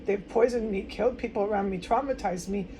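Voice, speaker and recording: A woman's voice: mid-range voice, a little fast, mellow, a little hiss or hum, poor audio. An American woman in a distraught, rambling personal monologue, stumbling over words and swearing often. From United States. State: upset and distraught. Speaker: vlogger.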